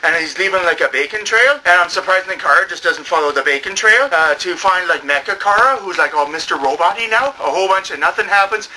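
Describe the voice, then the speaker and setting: A man playing a manic bum movie reviewer who rambles in a comedic review, full of fillers, and sometimes bursts into shouting. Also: high voice, expressive, fairly quick, hardly any pauses, slight background noise, exaggerated voice, rough recording. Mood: rambling.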